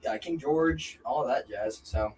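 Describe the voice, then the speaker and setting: Laid-back young racer, off-mic. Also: male voice, medium pitch, measured pace, a little mellow. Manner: laid-back, hesitant with fillers. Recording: distant mic with faint noise.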